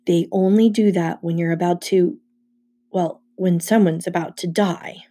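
A woman's voice: on the low side, steady tone, unhurried, mellow. A woman voicing a jittery teenage satyr boy, half goat, who blurts things out defensively. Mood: uneasy.

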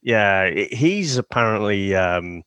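A man's voice: on the low side, expressive, takes it slowly, a bit bright, smooth, no echo. A man co-hosting a casual film review chat, rambling through the plot and laughing often. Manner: rambling, laughs often, drops into silly voices. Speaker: podcast co-host.

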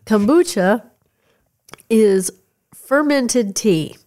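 A woman's voice: a little high, expressive, very slow, warm tone. Stuffy-nosed woman explaining. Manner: explanatory, upbeat, laughing easily. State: stuffy nose. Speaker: podcast co-host. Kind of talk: casual chat.

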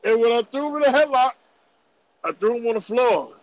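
A man around forty, telling a story in animated, profane, laughing casual podcast chat. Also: very high voice, fairly quick, dull audio. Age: about 40. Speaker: podcast host.

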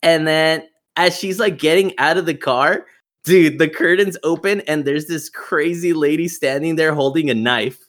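A man casually telling a story, animated, swearing freely and acting out the people he quotes. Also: on the high side, normal speed.

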